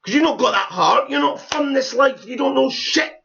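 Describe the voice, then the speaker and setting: A man's voice: very high voice, lively intonation, normal speed, creaky, fairly bright tone, lo-fi sound, slight background noise. A young man giving blunt, scornful, profanity-heavy reaction commentary on a video. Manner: blunt, scornful, swears heavily. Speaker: YouTube commentator.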